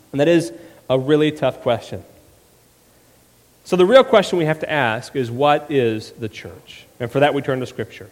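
A man's voice: mid-range voice, long reverb tail. A male pastor preaching a sermon in a church, talking conversationally with rhetorical questions and humorous asides.

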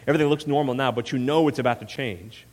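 A man preaching a sermon as pastor, telling the story with animated asides and frequent "right?" checks. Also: mid-range voice, fast. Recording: long reverb of a hall.

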